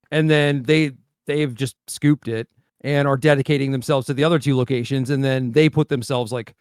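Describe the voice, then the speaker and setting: A man's voice: fairly high pitch, steady tone, moderate pace, clean tone, dry recording, studio quality. A man co-hosting a podcast, talking about card games in a loose, laid-back way with lots of fillers. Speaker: podcast co-host. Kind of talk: casual card game chat.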